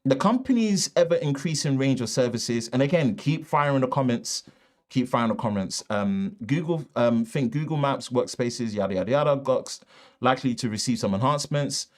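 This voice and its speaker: A man's voice: medium pitch, expressive, moderate pace. A man with a Northern English accent hosting a live tech show, reading the news loosely with asides and restarts, recorded on a shotgun mic in a treated home studio. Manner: casual, rambling, reads news with asides and restarts. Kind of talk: live-stream tech chat.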